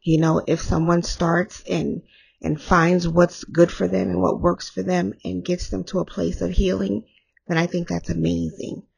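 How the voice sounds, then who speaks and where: Woman, hoarse gravelly voice, husky, slow candid podcast talk. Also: fairly low pitch, little pitch movement, a little mellow. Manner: candid, rambling, laughs often. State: hoarse after illness. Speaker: podcast host.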